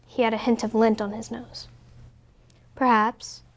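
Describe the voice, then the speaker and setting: A woman reading a children's picture book aloud in a slow, expressive way. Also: fairly high pitch. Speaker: story reader. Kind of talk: storybook read-aloud.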